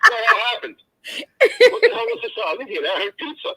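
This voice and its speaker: A man's voice: very high voice, huge pitch swings, fast, gravelly, over a noisy crowd, poor audio. A man co-hosting a casual live chat stream, telling stories in a tough-guy mobster manner. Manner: tough-guy mob banter, storytelling.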